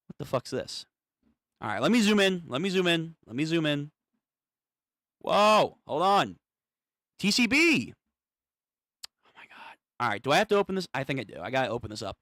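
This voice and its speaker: A man streaming a live manga reaction, thinking aloud, swearing and getting excited as he reads. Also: fairly high pitch, fairly quick, no room sound, studio quality.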